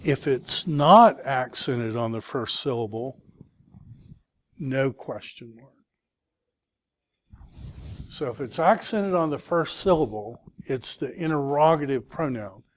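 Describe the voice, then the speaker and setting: A man's voice: medium pitch, expressive, slow, pauses often. A middle-aged man teaching a Greek vocabulary lecture to students, patiently checking in with the class as he goes.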